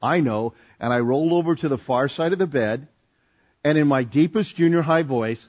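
A man's voice: on the high side, expressive, normal speed. A middle-aged man preaching a sermon, telling stories in a conversational, rambling way with fillers and restarts. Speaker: pastor. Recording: dull lo-fi sound.

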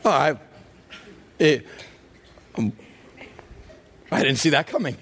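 A middle-aged man preaching a sermon with dramatic swings between loud and hushed delivery. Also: on the high side, expressive, slow, a little hiss or hum. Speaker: pastor.

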